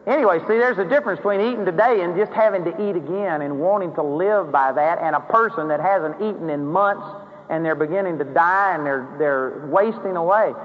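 A man's voice: high-pitched, brisk, in a large hall. A man preaching a sermon in a conversational way, rising into emphatic acted prayers. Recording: dull, hollow-sounding sermon recording with faint hiss.

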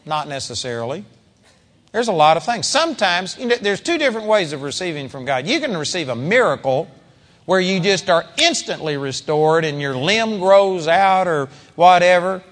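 A man's voice: sits high, sing-song, moderate pace, a bit bright, long reverb tail. A man preaching a sermon in a conversational style with dramatic emphasis.

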